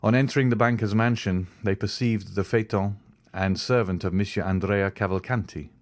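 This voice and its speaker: A man reads a classic novel aloud in a measured, dramatic narration. His voice sits low, and the recording is close and dry with no room sound. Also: fairly even intonation, no echo. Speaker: audiobook narrator. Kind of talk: scripted narration.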